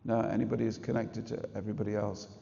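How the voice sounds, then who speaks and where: A man in his late sixties gives a chatty, humorous spiritual talk, now and then slowing to lead a chant. His voice is gravelly, low and mellow. It is recorded dull and muffled in a large hall with a long reverb. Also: level tone. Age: 60s. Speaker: spiritual teacher. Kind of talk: talk to a temple audience.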